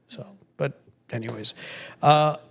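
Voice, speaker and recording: A man's voice: medium pitch, slow pace, gravelly. A man in his late thirties, co-hosting a podcast and telling stories in a chatty way with many restarts. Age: 30s. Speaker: podcast co-host. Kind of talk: casual chat.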